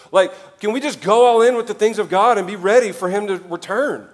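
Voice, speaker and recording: A male pastor preaching a sermon, animated, with sudden drops to quiet and jokey asides in put-on voices. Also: sits high, brisk, hardly any pauses.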